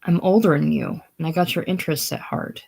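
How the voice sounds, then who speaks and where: A woman's voice: low voice, a little fast, gravelly, dark tone, husky, heavily acted. A woman reading as a bossy, fussing older woman. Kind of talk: casual play reading.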